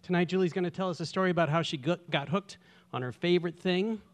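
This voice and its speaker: High-voiced male show host. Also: quick pace. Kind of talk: introducing a storyteller on stage.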